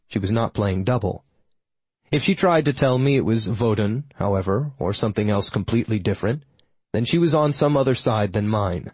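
A man's voice: medium pitch, a little mellow, breathy edge, dry recording. A man narrating a first-person audiobook in a dry, wry storytelling manner.

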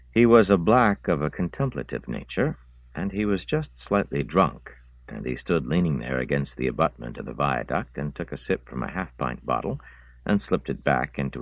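A man reading a novel aloud in measured, gritty scripted narration. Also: very deep voice, creaky, no echo, highs cut off. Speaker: audiobook narrator.

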